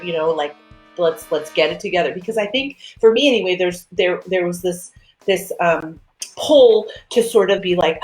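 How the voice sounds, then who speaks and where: A woman's voice: moderate pace, roomy sound, soft background music, poor audio. A woman chatting as a guest on a casual video-call interview, acting out little quoted moments as she tells her stories. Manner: animated storyteller, acts out quotes with big pitch jumps. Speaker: guest, actor and screenwriter.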